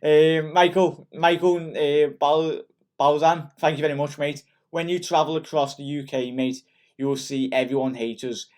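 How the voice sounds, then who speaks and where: A young man from Liverpool with a Scouse accent, chatting excitedly and rambling through viewer comments after a match. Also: fairly high pitch, moderate pace. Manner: excitable and rambling, many ums and restarts. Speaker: football fan channel host. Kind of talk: casual post-match chat reading comments.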